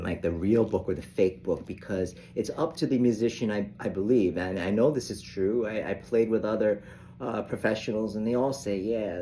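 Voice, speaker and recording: An older man teaching saxophone in an unhurried, rambling way, often restarting his sentences. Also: on the low side, dark tone, a little hiss or hum. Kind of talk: casual instructional talk.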